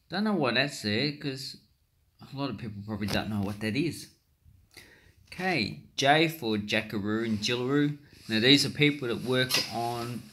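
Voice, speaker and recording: Australian man, casual YouTuber voice-over, middle pitch, rambling and chatty. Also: fairly bright tone, slight background noise. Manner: rambling, chatty, with frequent ums and self-corrections. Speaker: coin collecting YouTuber. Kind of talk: casual screen-recorded commentary. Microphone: screen recorder voice-over.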